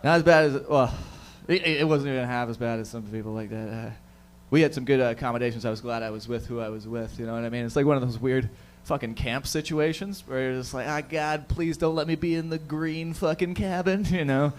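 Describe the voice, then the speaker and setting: A man's voice: mid-range voice, fast talker, few pauses, slight background noise. A man hosting a stand-up comedy show, bantering loosely with the crowd and swearing freely. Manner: loose, profane, crowd-hyping. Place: comedy show stage before a live crowd.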